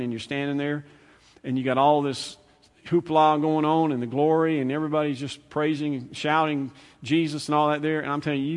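Man preaching in a reverberant church. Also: mid-range voice. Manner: conversational preaching, shifts from loud to hushed, repeats phrases. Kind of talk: sermon. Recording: long hall reverb.

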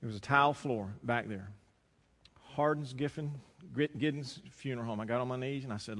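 A man's voice: medium pitch, a little fast, fairly bright tone, long reverb tail. A man preaching a sermon, moving from a personal story to emphatic preaching. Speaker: pastor.

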